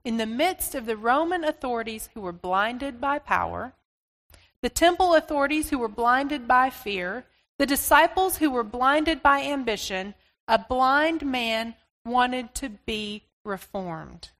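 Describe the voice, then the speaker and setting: A woman preacher telling a story sermon in a deliberate, expressive storytelling manner. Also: on the high side, in a large hall.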